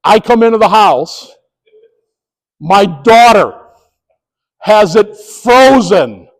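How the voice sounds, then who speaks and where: Middle-aged male presenter, higher-pitched voice, storytelling delivery with acted-out umpire calls, speaking to a live room. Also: expressive, measured pace, rough recording. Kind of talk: presentation to sports officials.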